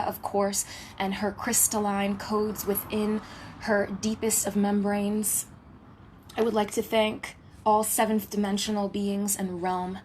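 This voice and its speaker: A woman in the role of a spiritual healer delivers a channeled message from home, her voice sitting at an ordinary middle pitch. She moves through a reverent, list-like run of thanks, sometimes dropping to a hushed whisper, and breaks it up with light, playful asides. Faint ambient noise hangs under her voice. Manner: drops to a hushed whisper at times.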